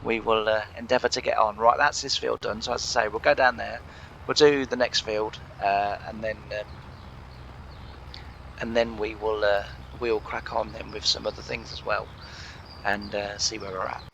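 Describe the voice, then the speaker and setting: Gravelly English man with a sore throat. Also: fairly low pitch, level tone, moderate pace, fairly bright tone, dull audio, slight background noise. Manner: rambling, many fillers and restarts. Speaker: gaming channel host. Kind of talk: casual let's play commentary.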